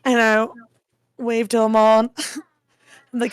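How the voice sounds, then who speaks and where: A woman with a fairly high, smooth and clear voice plays a tabletop game. She bosses the others around in a teasing way and laughs a lot. Her voice sounds dry and close, with little room sound. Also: level tone, a little slow, dry recording. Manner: bossy and teasing, laughs often. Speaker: player. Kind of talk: tabletop role-play, speaking in character.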